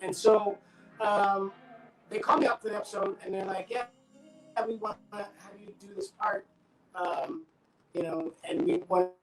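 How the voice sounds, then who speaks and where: Middle-aged man telling animated stories. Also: sits high, reverberant, noisy background. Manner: animated storyteller acting out friends' voices. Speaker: actor guest. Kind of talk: casual interview storytelling.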